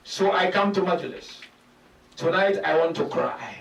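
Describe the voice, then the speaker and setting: A man preaching a sermon in a large mosque hall, emphatic and rising to shouted peaks, counting out his points and asking rhetorical questions. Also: sits high, animated, measured pace. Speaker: sheikh giving a lecture. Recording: echoey hall, speaker far from mic.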